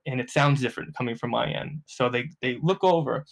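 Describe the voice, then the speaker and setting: A man's voice: medium pitch, brisk, vocal fry. A young man, a podcast guest telling stories casually, swearing freely and acting out the voices of people he quotes. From New Jersey. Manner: profane, animated, acts out quoted voices. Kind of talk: casual storytelling.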